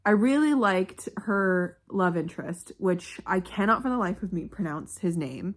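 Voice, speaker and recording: A young woman talking casually at home in a reading vlog, candid and quick to swear and laugh. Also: mid-range voice, expressive. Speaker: book vlogger.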